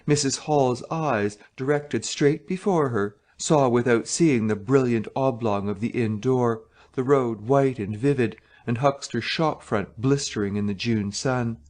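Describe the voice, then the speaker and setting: A man narrating a story slowly and clearly for English learners. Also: medium pitch, darkish tone. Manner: slow, clear, measured reading.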